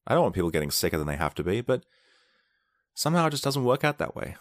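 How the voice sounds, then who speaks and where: A man's voice: fairly low pitch, big pitch swings, quick pace, no room sound, studio quality. A man rambling sarcastically in a comedic monologue, now and then acting out quoted people in short bursts while sick with a mild illness.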